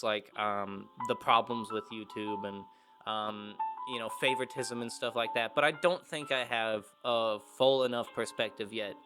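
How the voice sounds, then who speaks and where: Young guy vlogging, rambly, lots of um and like, music going underneath, mid pitch. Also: bright, forceful tone. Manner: rambling, self-correcting, many fillers. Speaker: YouTuber. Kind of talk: casual rambling vlog talk. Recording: music playing clearly underneath.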